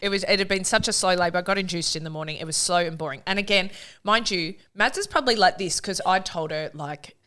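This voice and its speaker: Bright-voiced mum telling a story. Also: female voice, fairly low pitch, quick pace, hardly any pauses. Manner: animated storytelling, acts out quotes. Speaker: guest, mother of three. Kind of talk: casual chat.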